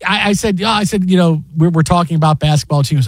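Host, man in his fifties: excitable talker who keeps restarting, high pitch. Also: very fast, no room sound. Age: 50s. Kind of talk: casual studio chat.

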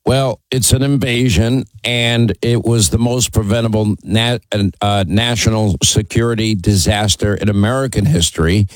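Forceful talk radio host, dry studio sound. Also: male voice, lowish voice, steady tone, no room sound, rough recording. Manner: forceful, rapid with fillers and restarts.

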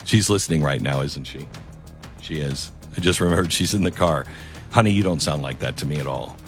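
The talk radio host here has a rumbling low voice and a brisk delivery, with faint music underneath. He wanders through a conversational monologue, repeatedly stopping himself and starting over.

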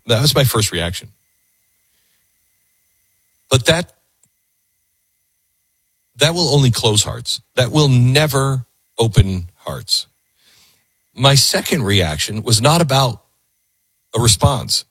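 Male talk radio host, husky, earnest, restarts his thoughts out loud, dry studio sound. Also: medium pitch, animated, slow pace, long pauses, dry recording. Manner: earnest, repeats words as he thinks aloud. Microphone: studio microphone.

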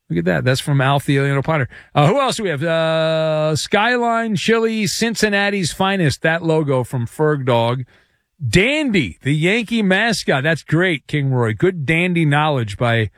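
A man hosting a sports talk radio show, reading out listener answers and teasing callers in an animated, exasperated way. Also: a little high, no echo, studio quality.

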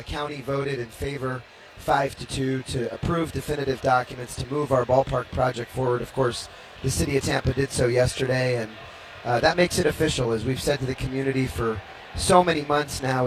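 A man giving an on-air interview at a ballpark as a team executive, slightly out of breath, upbeat and halting with frequent restarts. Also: mid-range voice, slight background noise, low-quality recording. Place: ballpark during a game.

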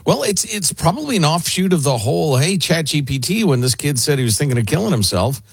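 A man's voice: a little high, very animated, fast, creaky, husky, dry recording. A man co-hosting a talk show, dropping wry, sarcastic quips in casual banter.

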